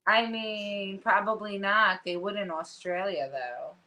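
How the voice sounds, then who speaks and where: Woman podcast cohost, slow unhurried talker, dry blunt comebacks. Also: mid-range voice, sharp tone, low-quality recording. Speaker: podcast co-host. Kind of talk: casual chat.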